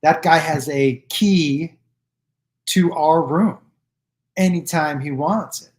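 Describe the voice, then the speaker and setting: A man hosting his own live stream, telling stories casually to viewers and acting out the people in them with loose, profane, animated delivery. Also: fairly high pitch, slow. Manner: animated, acts out quoted dialogue with "I go" and "he goes"; loose and profane, with restarts and fillers.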